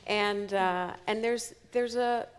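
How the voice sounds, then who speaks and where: A woman's voice: mid-range voice, fairly even intonation, takes it slowly, smooth. A woman interviewing an author onstage, hesitant, with frequent ums between phrases. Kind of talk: live onstage conversation.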